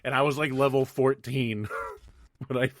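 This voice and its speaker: A man's voice: mid-range voice, steady tone, a little slow, slight background noise. A man co-hosting a casual podcast, telling gaming stories, acting out quotes and laughing often. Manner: laughing storyteller who acts out quotes. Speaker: podcast co-host. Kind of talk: casual chat, storytelling.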